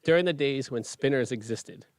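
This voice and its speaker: A man with an ordinary mid-range voice hosts a relaxed podcast chat. He checks details with friendly follow-up questions. The recording is dry and close. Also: medium pitch, normal speed, no echo. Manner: friendly, asks clarifying questions. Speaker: podcast host, skatepark owner. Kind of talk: casual podcast interview.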